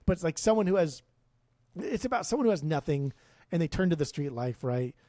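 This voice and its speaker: A man co-hosting a podcast, talking in an animated, profane, rambling way. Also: a little high, a little fast, dry recording, clean studio sound. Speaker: podcast co-host. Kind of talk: casual podcast chat.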